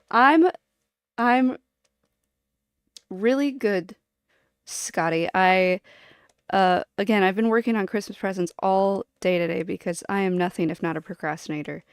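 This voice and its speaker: A woman's voice: medium pitch, a little slow, long pauses, smooth, no echo, clean studio sound. A woman streamer chatting casually to her viewers, rambling and giggling as she jumps from one topic to the next.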